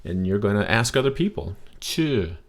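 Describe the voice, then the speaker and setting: Brief: low-pitched male teacher, patient, repeats each word slowly for the learner. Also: big pitch swings. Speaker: language teacher. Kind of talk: casual spoken lesson.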